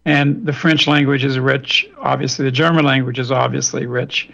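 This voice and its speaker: On a remote line for a radio interview, a Louisiana man lectures in a long, digressive way with frequent restarts. His mid-range voice is gravelly and fairly bright, with little pitch movement and a normal pace. The audio is dull, lo-fi radio quality.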